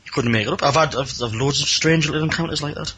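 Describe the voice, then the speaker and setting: A man's voice: on the high side, quick pace, background noise. A man with a Geordie accent telling a rambling, self-mocking story as a caller on a radio show, acting out the other people in it. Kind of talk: casual anecdote on a radio phone-in.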